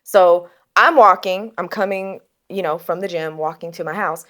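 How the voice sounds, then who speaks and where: A young adult woman co-hosting a podcast, telling stories in casual chat, blunt and animated, swearing freely. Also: on the low side, moderate pace. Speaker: podcast co-host.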